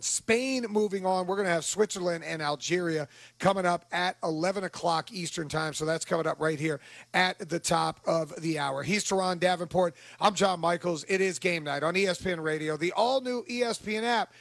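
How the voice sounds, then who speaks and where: A man's voice: sits high, normal speed, vocal fry, fairly bright tone, no room sound. A man hosting a sports talk radio show, chatting in an upbeat, easygoing way and laughing often.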